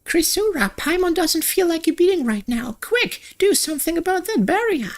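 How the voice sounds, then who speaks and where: A man voicing a tiny excitable female fairy companion in a squeaky, pushy voice while playing a game. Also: moderate pace, heavily acted. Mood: urgent.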